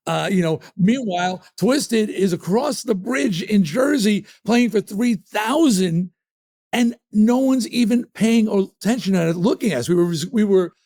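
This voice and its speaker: A rock singer from the New York area with a high voice appears as a guest in a casual interview. He tells stories emphatically and with lots of animation.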